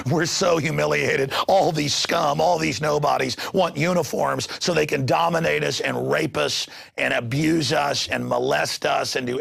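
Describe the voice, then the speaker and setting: A man hosting a news commentary show, ranting with passion and bursting into shouts. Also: medium pitch, vocal fry, no echo, studio quality. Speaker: talk show host. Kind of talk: heated news commentary monologue.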